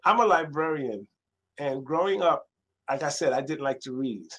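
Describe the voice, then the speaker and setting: A man, a librarian telling stories as a guest in a casual interview, animated and acting out other people's voices. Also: on the high side, moderate pace, slightly rough, poor audio. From New York City. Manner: animated storyteller, acts out quoted voices.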